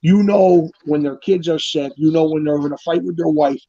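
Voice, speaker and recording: A middle-aged man telling stories in a rambling, casual way, swearing freely and acting out quoted lines in a louder voice. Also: on the high side, normal speed, no echo, lo-fi sound. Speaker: guest telling prison stories. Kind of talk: casual chat.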